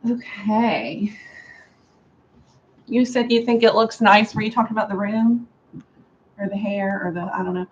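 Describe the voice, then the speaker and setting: A woman chatting casually through a hair styling tutorial at home, sarcastic and quick to laugh. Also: medium pitch, dull audio. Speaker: beauty vlogger. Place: home room with a fan.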